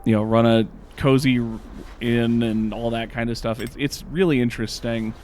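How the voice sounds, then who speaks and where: A man's voice: medium pitch, fairly even intonation, moderate pace, a little mellow, a little hiss or hum. A man hosting a let's play, chatting casually with stammered restarts and reading the game's story text aloud.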